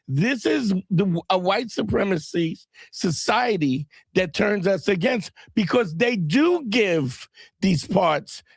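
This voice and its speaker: A man's voice: high-pitched, expressive, slow pace, creaky, slightly rough, no room sound. A man making an earnest argument in a podcast discussion.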